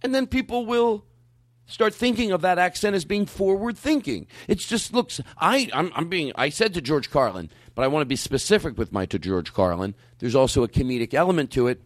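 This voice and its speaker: A man's voice: fairly high pitch, sing-song, a little fast, dry recording. A man hosting a comedy show, brash and cursing in loose, stop-start banter. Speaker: comedy podcast host.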